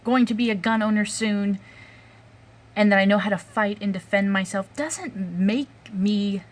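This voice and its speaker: A woman's voice: mid-range voice, unhurried. A young adult woman vlogging an angry rant, swearing often and breaking off with fillers and sighs.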